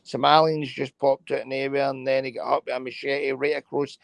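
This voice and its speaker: A man, a guest on a casual livestream chat, who talks haltingly with many restarts. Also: medium pitch, level tone, vocal fry, background noise.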